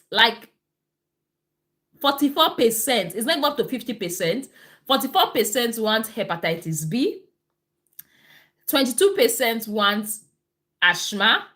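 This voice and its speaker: A woman's voice: on the high side, fairly bright tone. A woman, a nurse and midwife, hosting a casual live health stream, chatty and repeating herself as she answers viewer comments.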